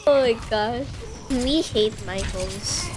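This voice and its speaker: A woman streaming a live game, excitable, often shrieking and laughing while she plays. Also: a little high, takes it slowly, slight background noise. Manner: laughs a lot. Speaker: gaming streamer. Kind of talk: live gameplay chat.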